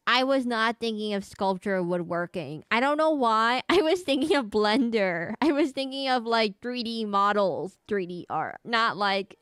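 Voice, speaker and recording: A woman's voice: on the high side, a bit bright, smooth, no room sound. A woman streaming a horror game, chatting casually, laughing often and reading the game's lines aloud to chat. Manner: giggly, chatty, reads game dialogue aloud. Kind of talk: casual let's play commentary.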